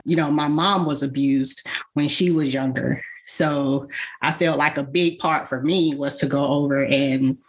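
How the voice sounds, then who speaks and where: A woman being interviewed, telling a personal story sincerely, with hesitations and fillers. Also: deep voice.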